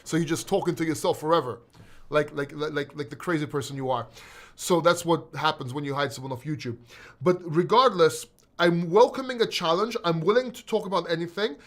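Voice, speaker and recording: A talkative male host with a high-set voice, chatting on a livestream and reading chat messages aloud. He is blunt and casual, and he swears freely when he gets worked up. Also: fairly quick, a bit bright.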